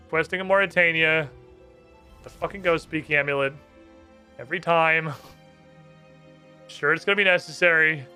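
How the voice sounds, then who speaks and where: A man streaming a game, giving casual, sarcastic commentary full of profanity and quick asides. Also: a little high, sharp tone, clear, resonant tone, soft background music.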